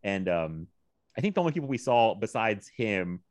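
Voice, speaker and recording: A man in his thirties from Virginia, co-hosting a podcast, telling animated stories with frequent laughter. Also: fairly low pitch, moderate pace, no echo. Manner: animated storytelling, laughs often, quotes people in lively voices. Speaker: podcast co-host. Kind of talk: casual chat.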